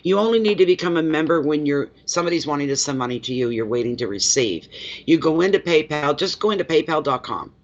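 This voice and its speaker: A man's voice: fairly high pitch, lively intonation, fast. A man hosting a tarot-reading livestream, chatting casually with viewers in a rambling way and laughing easily. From eastern Canada. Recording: dull lo-fi livestream audio.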